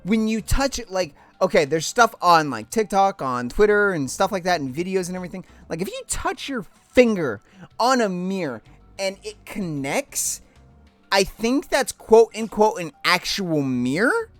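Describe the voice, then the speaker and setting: A woman's voice: medium pitch, very animated, normal speed, dry recording, soft background music. A young woman hosting a gaming channel, chatting casually and poking fun at herself as she plays. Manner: chatty and self-mocking. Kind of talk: casual let's play commentary.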